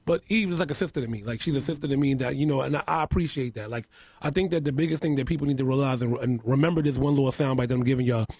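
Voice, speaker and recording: A man being interviewed on a radio show in a studio, telling stories about his work with lively energy and acting out what people said. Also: medium pitch, racing, slightly rough, dry recording. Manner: animated storyteller, acts out quotes loudly. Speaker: makeup artist and house mother, guest.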